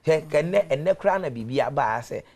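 A man speaks in a somewhat high, gravelly voice with plenty of fry. He tells animated stories on a talk show panel and breaks into laughter often. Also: very fast.

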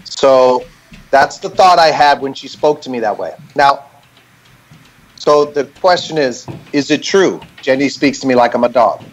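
A man's voice: medium pitch, a little slow. A man speaking as a podcast guest over a video call, telling a candid, reflective story and checking in with "right?" as he makes each point.

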